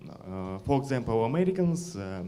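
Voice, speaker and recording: A man's voice: mid-range voice, sing-song, normal speed, dark tone. Hesitant man in the audience. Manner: hesitant, many fillers.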